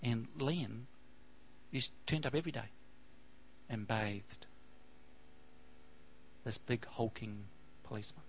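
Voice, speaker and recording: A low-quality recording with a little hiss or hum carries a male pastor's mid-range voice as he preaches slowly, pausing often. His story rambles along anecdotally with many fillers and settles into a hush at the end.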